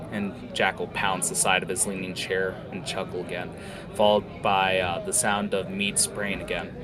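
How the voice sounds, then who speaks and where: A man narrating a fantasy tavern scene in a relaxed way, with fillers. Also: low-pitched, moderate pace, a crowd in the background. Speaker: storyteller.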